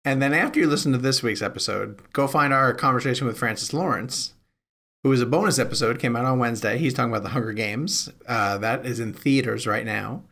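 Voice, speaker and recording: Brief: male podcast host, gravelly voice, upbeat and eager. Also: medium pitch, brisk, fairly bright tone. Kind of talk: casual podcast chat.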